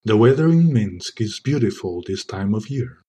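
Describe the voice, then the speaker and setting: A man playing a smug secret agent in a comedy sketch, keeping a low, smooth, deadpan voice. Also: normal speed, faint music behind, lightly acted. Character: suave smug male secret agent parody.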